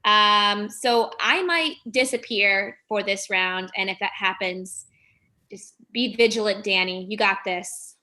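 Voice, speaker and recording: A woman teacher chatting casually on a video call, friendly and brisk. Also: mid-range voice, pushed and bright. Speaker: teacher and sponsor.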